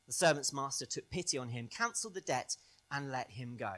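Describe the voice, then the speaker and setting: A male pastor preaching a sermon in an animated way, swinging between loud stresses and soft, quiet phrases. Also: medium pitch, fairly quick.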